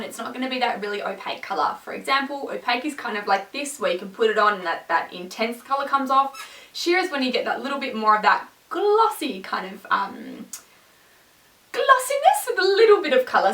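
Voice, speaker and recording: A woman's voice: on the high side, sharp tone, recorded from a distance. A young woman chatting casually as a beauty vlogger, rambling and poking fun at herself. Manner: chatty, rambling, self-mocking. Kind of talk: casual chat. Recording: echoey room, mic set back.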